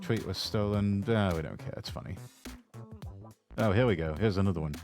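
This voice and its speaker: A man on a live stream, reading chat in quiet, low-key asides. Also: normal speed, faint music behind.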